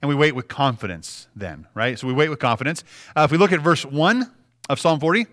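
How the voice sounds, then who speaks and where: A man's voice: fairly high pitch, animated, fairly quick, a bit bright. A man in his thirties, a pastor, preaching a sermon in a church in a conversational way, often restarting phrases and checking in with the listeners. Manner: conversational, with frequent restarts and "right?" asides. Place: church sanctuary.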